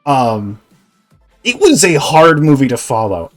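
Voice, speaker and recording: A male Twitch streamer chatting casually while gaming, rambling, animated, and swearing freely. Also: medium pitch, unhurried, faint music behind.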